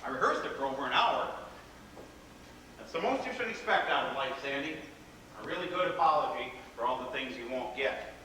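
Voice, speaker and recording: A man's voice: medium pitch, expressive, fairly quick, sharp tone. An actor playing a whimsical, rebellious grown man, telling stories with theatrical, playful flourishes in a live stage play. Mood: rueful. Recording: echoey theater hall from far off, faint noise.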